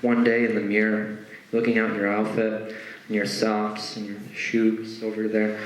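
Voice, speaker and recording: A man's voice: on the low side, moderate pace, noisy background. A young man doing a stand-up comedy set, talking conversationally with lots of asides. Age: young adult. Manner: conversational, with frequent asides and lively acted quotes. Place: stage performance. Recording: roomy echo.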